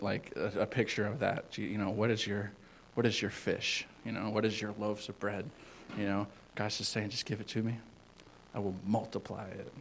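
A man giving an informal sermon as a youth pastor, rambling with many fillers and swinging between loud and hushed. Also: fairly low pitch, creaky, a little hiss or hum, poor audio.

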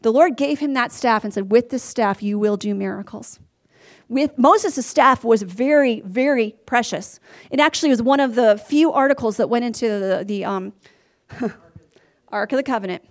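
High-voiced woman preaching with fervor. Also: normal speed. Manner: animated, earnest, talks straight to the listeners. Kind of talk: sermon.

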